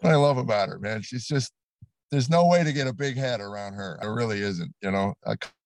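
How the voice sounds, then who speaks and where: An older man, a comedian, telling stories in an interview, animated and acting out quotes. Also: lowish voice, a little fast, dry recording. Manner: animated storyteller, acts out quotes. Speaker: comedian guest. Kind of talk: storytelling interview. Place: studio set.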